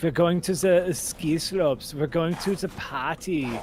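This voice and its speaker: A man's voice: fairly high pitch, a little slow, darkish tone, slight background noise, voice pushed up, natural voice. A man voicing a vapid party-loving European man in a put-on generic European accent. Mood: boastful.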